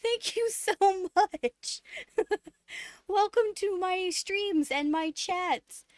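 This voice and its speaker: Brief: young woman streamer, very high, slow, excitable and profane, dry close sound. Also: no room sound. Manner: excitable, profane, laughing often. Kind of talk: casual live-stream chat.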